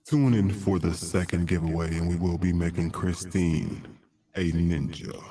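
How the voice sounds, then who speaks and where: A man doing a put-on deep, sultry late-night announcer voice for a mock hype announcement on a stream. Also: mellow. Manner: slow, smooth, theatrical hype delivery.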